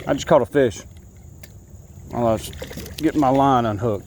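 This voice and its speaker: Guy out on a kayak, warm low-key voice, gets all excited talking to fish, little bit of creek noise behind. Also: normal speed, pauses often. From Alabama. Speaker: fishing vlogger. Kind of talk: casual talk to camera while fishing.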